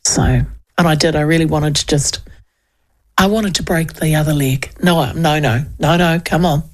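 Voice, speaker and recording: A woman's voice: low voice, moderate pace. A woman with a New Zealand accent hosting talk radio, chatting in a rambling way and running through the news. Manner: rambling, chatty, with many restarts. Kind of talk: casual talk radio chat and news rundown.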